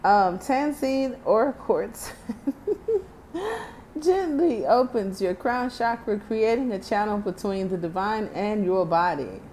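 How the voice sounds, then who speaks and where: A woman's voice: medium pitch, animated, slow pace, a little mellow, a little hiss or hum. A woman in her thirties with a Texan accent, giving a casual tarot card reading with chatty, joking asides while she reads the card text aloud. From Texas. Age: 30s. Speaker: tarot reader.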